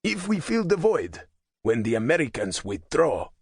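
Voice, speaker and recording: A fervent hardline politician with a raspy, harsh voice pushed up high, speaking with driving passion, as a male narrator puts him on. The pitch leaps around a lot, and the recording is dry and close. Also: wildly swooping pitch, normal speed, dry recording, exaggerated voice. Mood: scheming. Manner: impassioned, intense.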